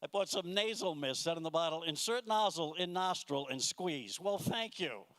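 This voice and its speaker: Man, stand-up comic, slightly high voice, exasperated, mocking, stage mic. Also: lively intonation, normal speed, fairly bright tone. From United States. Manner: exasperated, mocking, acts out voices of people in his jokes. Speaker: stand-up comedian. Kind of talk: stand-up comedy routine. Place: comedy club stage with a live audience.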